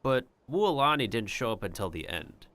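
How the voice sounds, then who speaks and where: A man's voice: medium pitch, very animated, moderate pace, a bit bright. A man doing casual gameplay commentary on a livestream, rambling and joking with his chat. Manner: rambling and jokey, talks to his chat and slips in joke drawls.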